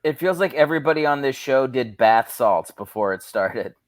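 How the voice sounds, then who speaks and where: A man's voice: mid-range voice, expressive, normal speed. A man who is a comedian, guesting on a podcast over a video call, wry and rambling, mocking himself. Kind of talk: casual podcast banter.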